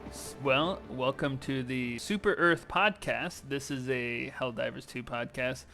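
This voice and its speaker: A man hosting a casual gaming podcast, relaxed and quick to laugh. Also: medium pitch, vocal fry, faint music behind. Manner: relaxed, laughs often, restarts sentences. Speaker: podcast host.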